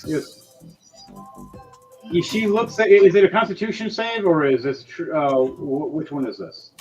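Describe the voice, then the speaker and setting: A man's voice: on the high side, a little slow, darkish tone, faint music behind. A man narrating as game master, rambling with lots of restarts.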